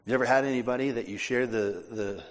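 A man preaching a sermon as pastor, emphatic and forceful, with casual asides. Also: medium pitch, fairly even intonation, fast. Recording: long hall reverb.

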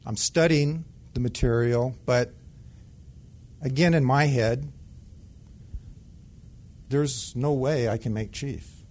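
A retired Air Force sergeant telling a personal testimony in a conversational way and acting out the dialogue. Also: male voice, mid-range voice, a little mellow. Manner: conversational storytelling that acts out dialogue.

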